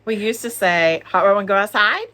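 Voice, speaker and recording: This crochet channel co-host speaks in a mid-range voice with a sharp tone at a moderate pace. She's chatty and jokey, laughing through a casual home conversation recorded on a phone camera.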